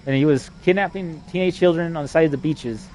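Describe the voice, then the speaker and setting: Man, rapid-fire profane storyteller, slightly high voice, faint noise under the recording. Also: a little mellow. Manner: profane, rambling, fast-talking. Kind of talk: rambling personal storytelling.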